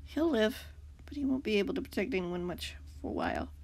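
A woman reading the lines of a gentle, caring young woman in a fan story, in a near-everyday voice. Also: mid-range voice, expressive, brisk, creaky, slight background noise. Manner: gentle and reassuring.

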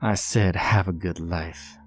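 A man's voice: low-pitched, unhurried, darkish tone. A man doing a drawling old shopkeeper woman. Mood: curt. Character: small old country shopkeeper woman, evasive.

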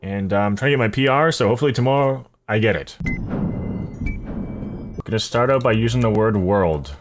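A man with a fairly low voice thinks aloud through a word puzzle, trailing off into half-words and stray guesses and laughing often at himself. Music runs clearly underneath him the whole time. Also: fairly quick. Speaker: gaming YouTuber. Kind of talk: thinking aloud while playing a word game.

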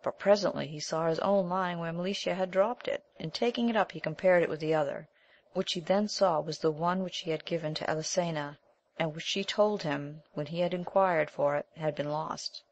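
A woman reads an old tale aloud as an audiobook narrator, with a measured, even delivery. Her voice sits on the lower side for a woman. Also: highs cut off.

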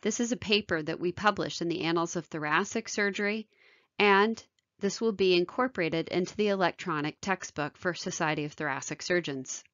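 A woman surgeon giving a medical video lecture in a measured, technical way. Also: on the low side, fairly bright tone, no echo, muffled recording. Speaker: thoracic surgeon.

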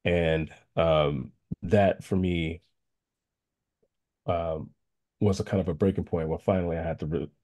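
A man of about forty, from the Chicago area, tells a personal story as a guest speaker on a video call. He speaks earnestly and haltingly, with many fillers and restarts. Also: low voice, fairly even intonation, mellow. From Chicago area, United States.

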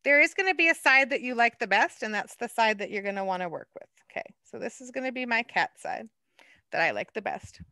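A woman art docent leading a hands-on clay lesson, chatty and quick to laugh at herself. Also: fairly high pitch, lively intonation, bright, forceful tone, no echo.

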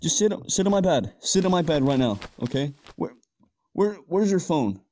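A young man playing an easygoing average buddy in an amateur audio drama, talking in a casual, calming way. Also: on the high side, moderate pace.

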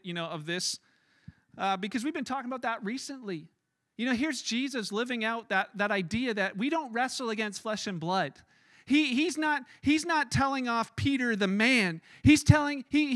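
A man preaching a sermon as pastor in a church, animated and conversational, acting out scenes as he tells them. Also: very high-pitched, no room sound.

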